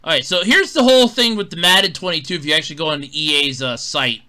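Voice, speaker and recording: A man giving an angry, profane gaming rant, swinging between muttering and exasperated shouting bursts. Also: on the high side, fast. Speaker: gaming commentator.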